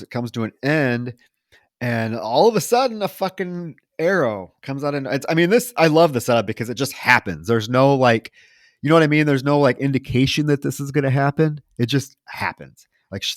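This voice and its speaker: A man co-hosting a podcast, retelling a film plot in an animated, profane way with laughter. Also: mid-range voice, no room sound, studio quality. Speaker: podcast co-host. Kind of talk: casual film discussion.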